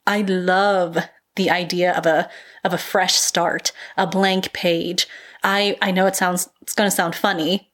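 Woman, podcast host; casual solo chat, self-deprecating, laughs easily. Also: mid-range voice.

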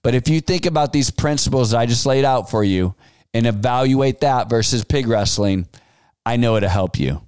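A man in his forties hosting a solo podcast, giving advice in a folksy, animated storytelling way. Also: medium pitch, normal speed, clear, resonant tone, dry recording. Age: 40s. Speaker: podcast host.

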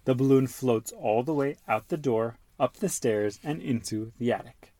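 A man hosting a podcast with his son, reading a children's storybook aloud in an animated, expressive way. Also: medium pitch, moderate pace, no room sound.

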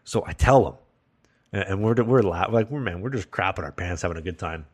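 A man's voice: sits low, brisk. Laughing young man telling a crude story. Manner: laughing, crude, animated anecdote. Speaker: podcast host. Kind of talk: casual storytelling chat.

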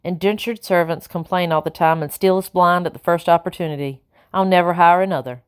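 A woman's voice: fairly low pitch, a little fast, clean tone, close to an everyday voice. A woman voicing a stern, haughty colonial mistress. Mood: disdainful. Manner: cold, commanding, clipped.

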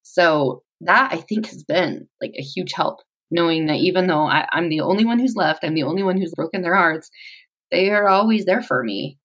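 A woman in her forties telling her personal story in an interview, reflective and halting, with pauses. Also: lowish voice, expressive, fairly bright tone, poor audio.

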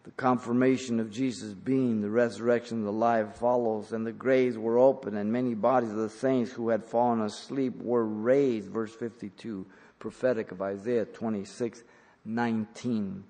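A low, gravelly male voice delivering a verse-by-verse sermon in a church. He builds to emphatic, louder passages and then drops quiet again. A long hall reverb trails behind each phrase. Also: steady tone, moderate pace. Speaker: preacher. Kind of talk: expository sermon.

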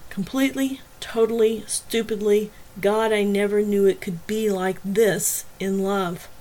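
A woman voicing a quiet, heartfelt heroine. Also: medium pitch, steady tone, measured pace, natural voice, low-quality recording. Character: emotional adult woman heroine, in love.

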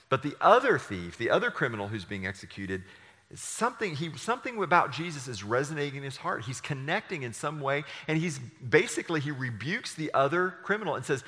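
A man's voice: fairly high pitch, sing-song, moderate pace, a bit bright. A man preaching a sermon, reading scripture dramatically with his voice rising and dropping. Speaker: pastor. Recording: long hall reverb.

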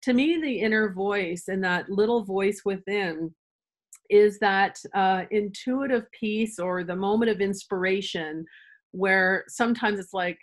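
A woman's voice: mid-range voice, unhurried. Woman chiropractor explaining thoughtfully. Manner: thoughtful, searching for words with restarts. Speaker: chiropractor guest. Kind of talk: conversational interview answers.

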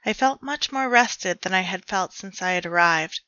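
Woman reading a hushed horror story. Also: fairly low pitch, expressive, normal speed, no room sound, dull audio. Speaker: author and narrator.

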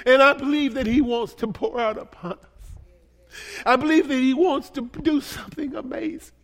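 High-voiced impassioned preacher in a reverberant hall. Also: male voice, fairly even intonation, moderate pace. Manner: impassioned, pleading, swinging between hushed and shouted. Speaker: pastor. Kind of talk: sermon. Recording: long reverb of a large hall.

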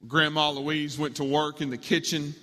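A man's voice: on the high side, flat delivery, moderate pace, pushed and bright. A man preaching, telling a story dramatically as part of a sermon, in a large hall with long reverb.

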